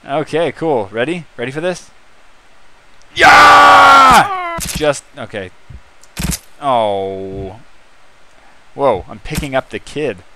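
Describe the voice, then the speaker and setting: A man hosting a let's-play, mumbling through menus and bursting into excited yells at the game. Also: medium pitch, slow pace, long pauses, heavy background noise. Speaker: gaming channel host.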